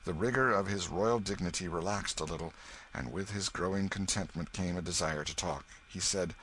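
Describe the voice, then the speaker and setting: A man narrating a classic novel audiobook in a measured storytelling manner. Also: deep voice, fairly bright tone, a little hiss or hum, rough recording. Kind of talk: scripted narration.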